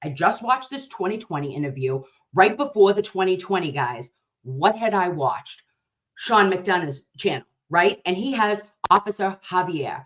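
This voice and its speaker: A woman hosting a casual livestream chat, telling stories in a rambling, profane, animated way. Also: fairly low pitch, normal speed. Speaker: livestream host.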